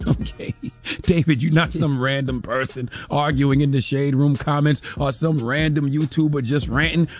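A man's voice: a little high, breathy edge. A man giving an emphatic, sarcastic opinion commentary as a host, often tagging lines with "okay?".

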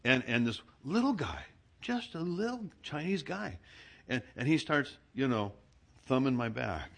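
A middle-aged male pastor from Southern California, preaching a sermon in an animated storytelling manner, laughing as he tells it. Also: medium pitch, unhurried, gravelly. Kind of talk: sermon with personal anecdote.

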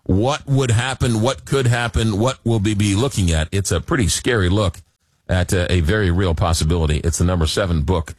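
A man's voice: fairly low pitch, a little fast, dry recording, clean studio sound. A man hosting a talk radio show, chatty and jokey, often repeating words as he goes.

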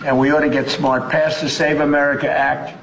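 A man's voice: a little high, little pitch movement, a little fast, creaky, a bit bright. A man making emphatic, repetitive political points. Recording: roomy clip with faint background noise.

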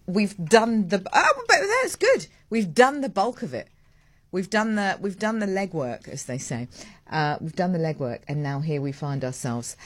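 A woman hosting breakfast radio, chatting in a lively, self-mocking way with lots of asides. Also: sits low, husky, dry recording. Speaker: radio host. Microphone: studio mic with headphones.

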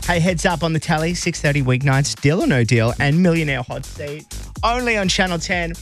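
Excitable high Australian radio host. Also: male voice, fairly quick, soft background music. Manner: excitable, bubbly, teasing. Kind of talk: upbeat radio quiz hosting. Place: radio studio.

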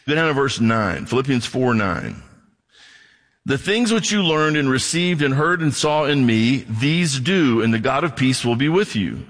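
A man with a notably high voice preaches to his congregation in a casual, conversational style. He slips into little acted-out exchanges as he explains scripture. His voice rings with the long reverb of a large church hall. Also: fairly bright tone. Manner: conversational preaching, acting out dialogue. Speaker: pastor. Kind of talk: sermon.

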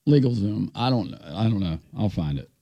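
A man's voice: on the low side, lively intonation, normal speed, vocal fry, dark tone, dry recording. A man co-hosting a casual sports talk show, rambling and acting out little quotes.

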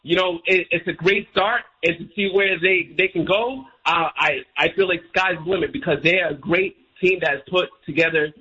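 A male radio caller with a high, bright, somewhat husky voice. He talks eagerly and at length. The muffled line sounds dull. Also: normal speed, hardly any pauses. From United States. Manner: enthusiastic, talkative. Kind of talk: call-in radio chat.

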